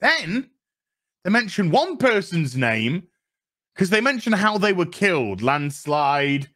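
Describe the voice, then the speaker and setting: A man's voice: sits high, very animated, slow, sharp tone. A man with a Yorkshire accent ranting sarcastically through a TV episode review, swearing often. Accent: Yorkshire English. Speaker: TV review vlogger.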